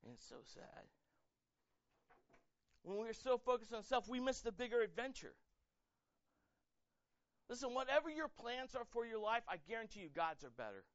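A pastor preaching a sermon with energy, acting out quoted voices and building to loud, emphatic peaks. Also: male voice, very high-pitched, sing-song, normal speed, pauses often, no echo, highs cut off.

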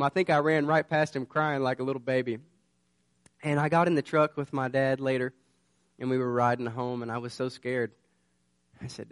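A man's voice: medium pitch, steady tone, brisk, no room sound. A man preaching a sermon. He tells a personal story in an earnest, conversational way and turns it into urgent warnings. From southern United States. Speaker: pastor.

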